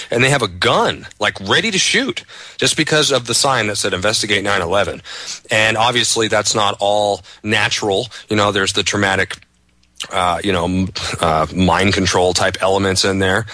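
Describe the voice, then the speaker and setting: A man speaking as a guest on a talk radio show, in a casual, earnest manner with some halting restarts. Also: lowish voice, bright, forceful tone, no room sound. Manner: earnest, agreeing, sometimes halting.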